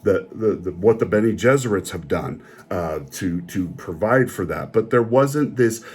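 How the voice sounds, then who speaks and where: A man's voice: lowish voice, animated, measured pace, darkish tone, husky. A man delivering an opinionated, indignant rant as a film reviewer, often repeating himself.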